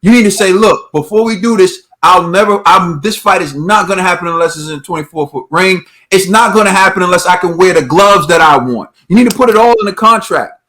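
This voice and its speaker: A man's voice: high voice, brisk, hardly any pauses, pushed and bright. A man co-hosting a boxing talk show, ranting emphatically with repeated rhetorical questions. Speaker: boxing podcast co-host. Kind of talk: heated opinion rant.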